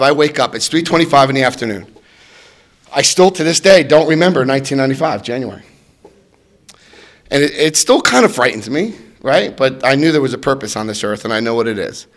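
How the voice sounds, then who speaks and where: Animated man in his fifties telling his story. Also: mid-range voice. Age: 50s. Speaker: recovery speaker. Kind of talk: personal recovery story told to an audience.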